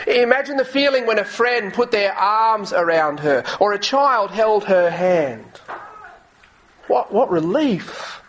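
A man's voice: very high voice, low-quality recording. A male pastor preaching a sermon earnestly, often repeating words as he goes and reading scripture aloud. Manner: reads scripture aloud in old English wording.

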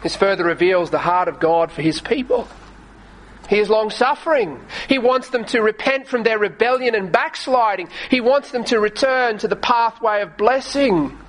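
A man preaching a sermon, reading scripture aloud and slowing down to stress key phrases in an earnest, pleading way. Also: high voice, fairly bright tone, poor audio. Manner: reads scripture in archaic wording, slows for emphasis.

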